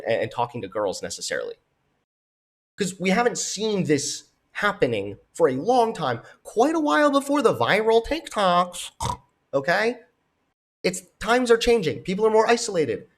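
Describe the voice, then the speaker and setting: A man's voice: fairly high pitch, husky. A young man reacting to podcast clips, blunt and exasperated, cursing as he talks back to them. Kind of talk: reaction commentary.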